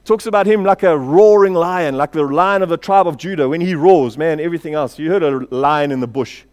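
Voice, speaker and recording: Man, pastor, sermon, high voice, passionate, echoey church hall. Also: fairly quick. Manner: passionate, rising to shouts, chuckling between points. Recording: hall reverb.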